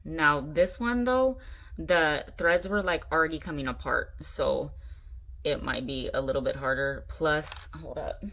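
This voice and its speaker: A woman hosting a casual crafting tutorial, chatty and excitable, gushing over her supplies. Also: low-pitched, a little slow. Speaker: craft channel host.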